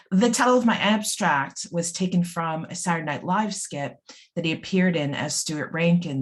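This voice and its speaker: Woman presenting an academic paper. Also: lowish voice. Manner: thoughtful, hesitant with frequent ums. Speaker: conference presenter. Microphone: video call.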